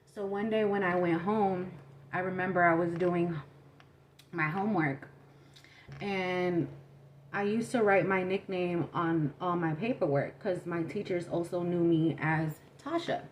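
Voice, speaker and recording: A young adult woman vlogger telling a story in casual chat, animated, acting out quotes and saying "like" a lot. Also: fairly low pitch, unhurried, a little hiss or hum. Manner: animated, acts out quotes, says "like" often.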